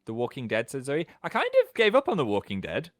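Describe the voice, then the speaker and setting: A British man in his thirties hosting a casual livestream from home, chatting and reading out viewer comments in an animated way. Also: no echo, studio quality. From England. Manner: chatty, animated, quick jumps in pitch. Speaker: livestream host.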